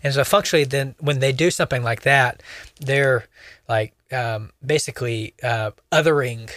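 A man's voice: medium pitch, moderate pace, fairly bright tone. A young man co-hosting a podcast, talking casually in a rambling way with many fillers and restarts. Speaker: podcast co-host.

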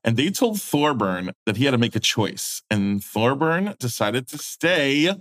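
A middle-aged man hosts a podcast with flamboyant sass, tossing out rhyming quips. His pitch swoops widely as he talks. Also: big pitch swings, measured pace, a bit bright. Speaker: podcast co-host. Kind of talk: campy casual chat.

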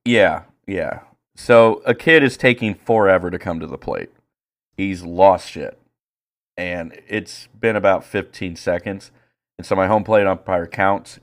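A man co-hosting a podcast, telling stories in casual chat, animated and full of swearing. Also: deep voice. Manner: profane, animated storytelling. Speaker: podcast co-host.

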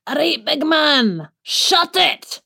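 A woman doing her gruff Scottish husband. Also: sits high, very animated, slow pace, bright, forceful tone, voice pushed up, heavily acted.

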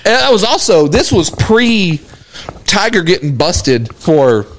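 A man's voice: high voice, slow. A man co-hosting a podcast, telling a story in casual chat, laughing and swearing freely. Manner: animated, laughs hard while telling stories, swears. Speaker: podcast co-host.

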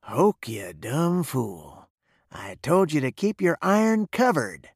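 A man's voice: mid-range voice, very animated, a little slow, no room sound, clean studio sound. A man voicing a cool, sarcastic gang boss in a western story, with an ironic drawl. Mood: sharp.

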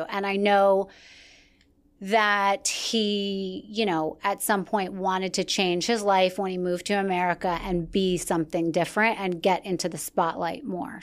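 A woman hosting a gossip podcast speaks in a candid, measured way. She pauses often on small fillers while she works her thoughts out. Her voice sits at an ordinary pitch. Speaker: podcast host. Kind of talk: casual gossip chat.

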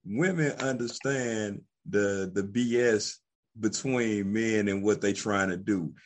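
A man interviewing a guest in a relaxed, conversational way, stumbling over his restarts before he gets each question out. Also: on the low side, slow. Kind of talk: casual interview.

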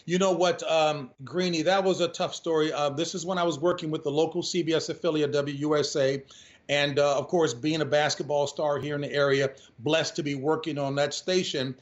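A man telling lively stories as a guest in a radio interview, often addressing the host. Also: a little high, a little fast, muffled recording. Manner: lively storyteller who keeps addressing the host. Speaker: sportscaster and guest.

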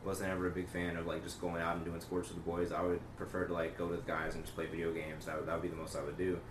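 Young man, very deep voice, laid-back, lots of fillers, echoey room, clear background noise. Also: monotone, quick pace, recorded from a distance. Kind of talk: casual chat.

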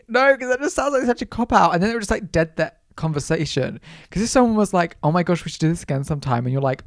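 A man's voice: mid-range voice, brisk, no echo, studio quality. A young man hosting a solo podcast, chatting in a rambling way, questioning himself aloud and acting out quotes playfully. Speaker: podcast host. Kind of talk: casual solo podcast chat.

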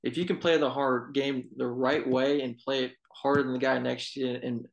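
A man's voice: mid-range voice, moderate pace, gravelly, highs cut off. A young man, an assistant college baseball coach, telling stories casually in an interview with many fillers. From Texas. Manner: storytelling, relaxed, many fillers.

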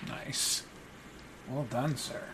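Man running a tabletop game, halting. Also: background noise. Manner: halting, many ums and uhs. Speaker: game master. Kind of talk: narrating a tabletop role-play game.

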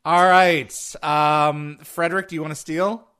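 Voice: mid-range voice, fairly even intonation, unhurried, a bit bright, smooth. A trivia quizmaster on a live online show who is upbeat, laughs often and reads the questions aloud over a video call.

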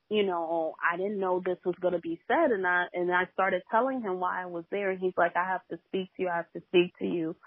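Woman minister, podcast guest, lower register, halting storytelling, tinny phone-line audio. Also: husky, dry recording. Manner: storytelling, with many hesitations. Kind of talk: faith testimony in a podcast interview.

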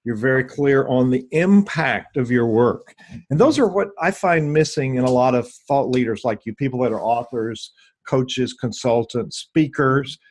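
A man's voice: mid-range voice, moderate pace. A man hosting an interview, affirming and summing up his guest's points in a reflective way. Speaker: interview host. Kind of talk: interview conversation.

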